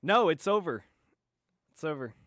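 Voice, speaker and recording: A man's voice: a little high, expressive, moderate pace, a bit bright, no echo, clean studio sound. A tired man chatting and swearing casually while live streaming late at night. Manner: profane, exasperated, rambling.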